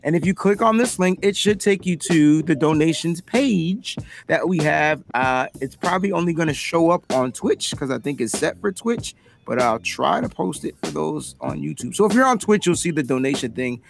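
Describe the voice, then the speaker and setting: Male podcast host, young adult, casual and loose, somewhat higher voice, faint music underneath. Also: normal speed, vocal fry, hardly any pauses. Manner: animated, loose, bursts into shouts and laughter. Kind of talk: casual livestream podcast outro.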